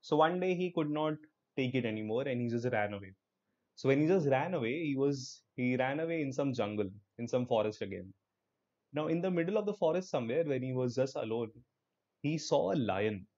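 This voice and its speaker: A man's voice: medium pitch, lively intonation, fairly quick, a little mellow, lo-fi sound. A young male online English teacher with an Indian English accent, teaching a live class in an upbeat, encouraging way and slipping into Hindi.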